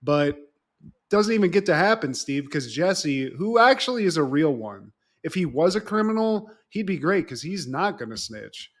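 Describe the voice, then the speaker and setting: Animated man recapping an episode. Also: fairly high pitch, moderate pace. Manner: animated, swearing, acts out characters' lines. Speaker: podcast co-host. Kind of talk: casual chat recapping a TV episode.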